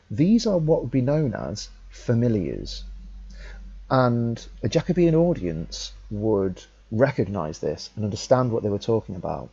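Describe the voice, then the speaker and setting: A young man teaching, talking through a text in a relaxed, conversational way with fillers and restarts. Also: mid-range voice, breathy edge, lo-fi sound. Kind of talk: talkthrough lesson.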